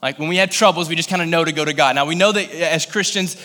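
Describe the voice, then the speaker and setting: A Kentucky pastor preaches a sermon in a large hall, his voice a little high, pushed, and bright, at a quick pace. He tells stories conversationally and casually, with many fillers. In prayerful passages he turns intense and pleading.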